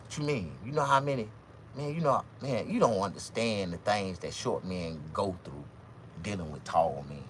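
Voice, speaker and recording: A man doing a stand-up comedy monologue, jumping his voice high when quoting women. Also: moderate pace, slight background noise. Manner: animated, swings pitch high for quoted women.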